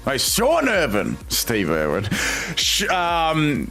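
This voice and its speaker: A man's voice: on the high side, very animated, slow pace, fairly bright tone, faint music behind. A young Australian man streaming live, reading viewer chat aloud and reacting with amused disbelief.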